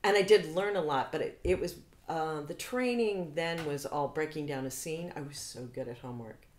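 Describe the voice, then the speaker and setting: A woman in her fifties, an actor and acting teacher, telling animated stories in a casual interview and slipping into voices for the people in them. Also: deep voice, normal speed, a little hiss or hum. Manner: animated storyteller, acts out voices in anecdotes. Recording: echoey room.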